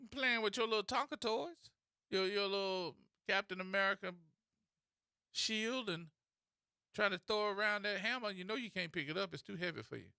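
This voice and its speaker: A man hosting a talk radio show, ranting in a mocking, animated way and slipping into imitation voices. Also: high voice, moderate pace, creaky, clean tone, dry recording, studio quality. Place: radio studio.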